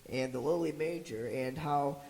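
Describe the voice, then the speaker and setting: A patient, gently correcting jungle narrator, played by a performer in a church Christmas puppet skit. The voice sits mid-range. It echoes with long reverb in a church hall, over faint hiss. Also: mid-range voice, moderate pace, natural voice. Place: church sanctuary.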